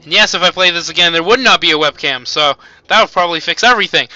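Young guy doing a let's play, high-pitched and super bright, yells a lot at enemies, kinda dull lo-fi mic. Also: fast talker, hardly any pauses, no room sound. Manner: excitable, yells at enemies, chatty asides. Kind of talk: casual gameplay commentary. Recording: dull lo-fi home mic recording.

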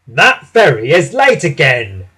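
A man plays a grumpy talking crane from a storybook. He speaks crossly and a little too loud, with a husky grain to the voice. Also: mid-range voice, expressive, normal speed. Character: grumpy male dockside crane.

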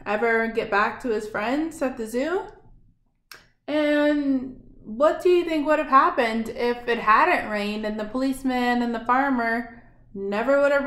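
Slow, expressive woman reading a children's book. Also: sits high. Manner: slow, expressive, asks listeners questions. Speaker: storybook reader. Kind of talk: read-aloud for children. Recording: echoey room.

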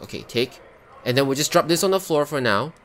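This gameplay host narrates each cooking step aloud and bursts out in frustration whenever the game glitches. His voice sits a little high, expressive and fairly bright, and he talks a little fast throughout the live commentary.

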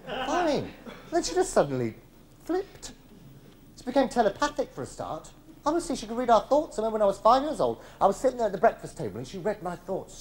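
A man's voice: high voice, a little hiss or hum. Chatty male stage storyteller. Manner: chatty, teasing the audience. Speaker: solo stage performer. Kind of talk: one-man comedy show storytelling. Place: theatre stage with a live audience. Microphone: clip-on body mic.

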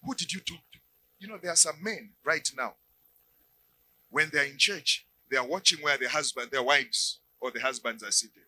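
A man preaching a sermon, animated, acting out little dialogues and shouting at the high points. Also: moderate pace, poor audio.

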